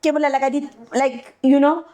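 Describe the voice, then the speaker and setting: A woman's voice: high voice, fairly quick. A woman from South Africa with a Pretoria township accent, chatting as a guest and telling stories as she code-switches. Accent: Pretoria township English. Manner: code-switching, animated storytelling. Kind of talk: casual interview chat.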